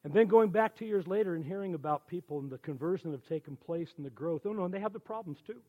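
Man in his 60s, church elder, animated folksy sermon stories, fairly high voice, muffled lo-fi sound. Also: fast. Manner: animated, folksy storytelling with quoted dialogue. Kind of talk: storytelling sermon.

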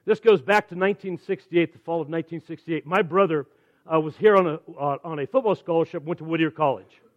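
A middle-aged man delivers a Sunday sermon in a fairly high voice. He is emphatic, stretching out key phrases slowly for weight and stacking up repeated words as he starts a new thought. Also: lo-fi sound. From California. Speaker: preacher. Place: church service.

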